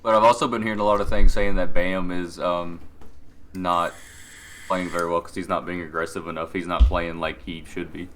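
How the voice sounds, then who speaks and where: A young man co-hosting a casual podcast chat, rambling and wondering out loud. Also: low-pitched, flat delivery, fairly quick, a little hiss or hum. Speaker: podcast co-host.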